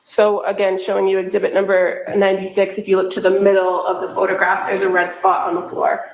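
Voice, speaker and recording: A female prosecutor examines a witness in a courtroom, her mid-range voice monotone as she asks careful, methodical questions broken by frequent pauses. The courtroom sound is echoey.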